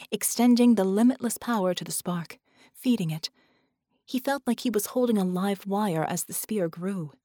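A woman reading an audiobook in a measured, dramatic narration. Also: medium pitch, a little mellow, no room sound, studio quality. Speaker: audiobook reader.

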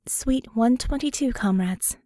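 A woman reading as a brisk, wry young woman. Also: a little high, warm tone, dry recording, studio quality, lightly acted.

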